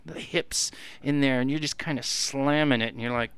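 A man's voice: medium pitch, fairly even intonation, normal speed, fairly bright tone, clean tone, dry recording. A man co-hosting a podcast, telling raunchy stories with frequent laughs and bursts of goofy singing. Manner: bawdy, laughs often, breaks into goofy sung bits. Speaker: podcast co-host. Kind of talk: casual banter and storytelling.

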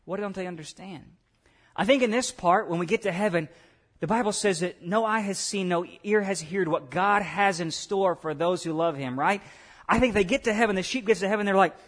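A man's voice: high voice, brisk, a bit bright. A man preaching a sermon, acting out voices of God and the believers as he tells the story. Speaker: pastor.

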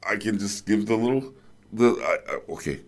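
A middle-aged man telling a story as a guest in casual chat, excitable and halting, acting out voices and sounds. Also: fairly low pitch.

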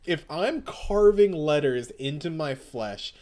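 A man's voice: a little high, lively intonation, slow, darkish tone. A man co-hosting a podcast, casually recapping a comic, joking and acting out lines. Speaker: podcast co-host.

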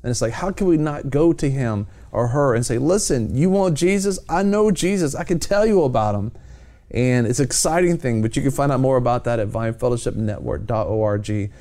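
A man's voice: medium pitch, fairly quick, mellow. A man hosting a Christian television program, talking about faith in a fervent, exhorting preacher's cadence. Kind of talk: evangelistic TV talk.

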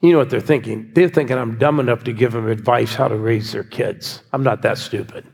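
A man's voice: medium pitch, brisk, creaky, darkish tone, slightly rough. An older man preaching a sermon, coaxing his congregation to answer back and cheer. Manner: exhorting, coaxing a congregation with call-and-response. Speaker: pastor. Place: large church hall. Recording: church hall with long reverb.

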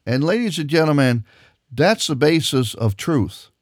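A man preaching a radio sermon and reading scripture, emphatic, repeating words and climbing in pitch as he presses a point. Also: big pitch swings, measured pace, no room sound, studio quality. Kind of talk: old-time radio sermon with Bible reading.

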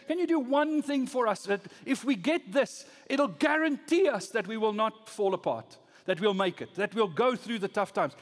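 A pastor preaching a sermon, swinging from loud rising emphasis to low, soft lines. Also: male voice, in a large hall.

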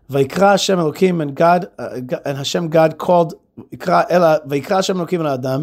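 Male host, fairly high voice, informal scripture teaching, animated and chatty. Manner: animated, conversational, frequent fillers and restarts. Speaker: radio show host.

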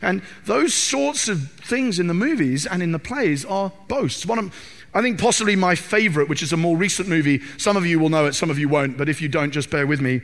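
Brief: preacher, high-pitched, animated and funny, echoing church hall. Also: male voice, moderate pace. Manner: animated, humorous, acts out film quotes. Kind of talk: sermon. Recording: reverberant hall.

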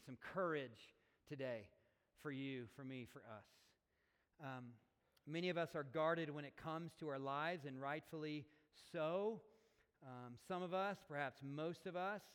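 A man's voice: a little high, fairly bright tone, clear, resonant tone. A man, a pastor, preaching a sermon in a church in an earnest, conversational way, asking the congregation rhetorical questions and often correcting himself mid-sentence. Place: church sanctuary. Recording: long reverb of a church hall.

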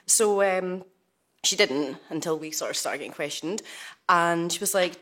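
A woman's voice: fairly low pitch, moderate pace, a bit bright. A woman on a panel, a law student, telling her own story in a chatty, colloquial way with many fillers over a remote call.

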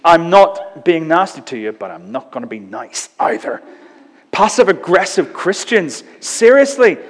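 A man preaching a sermon in a church, lively and conversational, acting out quotes in changing voices with touches of humor. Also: fairly high pitch, measured pace. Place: church hall. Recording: long reverb of a church hall.

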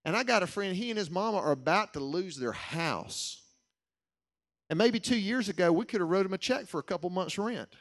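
A man's voice: high-pitched, expressive, a bit bright. Earnest man preaching a sermon. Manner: earnest, slows down to stress key lines. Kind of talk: sermon with personal story.

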